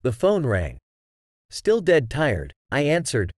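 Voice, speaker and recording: A man reading out online stories as scripted narration, with an even read-aloud delivery. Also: mid-range voice, slow, dry recording, studio quality.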